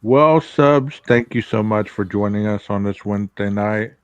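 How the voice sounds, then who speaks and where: A man hosting a casual podcast, chatting in a relaxed, joking way. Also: lowish voice, measured pace, clean tone, no echo. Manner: laid-back, joking sign-off with a put-on airline pilot announcement. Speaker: podcast host. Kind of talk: casual chat. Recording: dull lo-fi sound.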